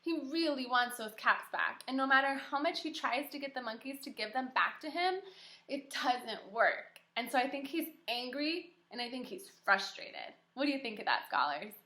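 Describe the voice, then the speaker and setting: A young woman teacher reading a story aloud to kindergarteners, animated and encouraging, asking the children questions. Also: high-pitched, normal speed. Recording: echoey room.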